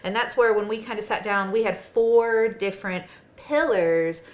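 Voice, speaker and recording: A woman's voice: medium pitch, moderate pace. A woman co-hosting a podcast, talking in a thoughtful, casual way in an office conference room. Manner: thoughtful, talks in lists and frameworks. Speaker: podcast co-host.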